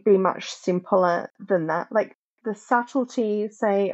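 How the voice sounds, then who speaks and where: A woman speaking as a podcast guest, reflective and thoughtful, often pausing to search for the right words. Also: mid-range voice, a little mellow. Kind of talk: reflective conversational discussion. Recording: dull lo-fi sound.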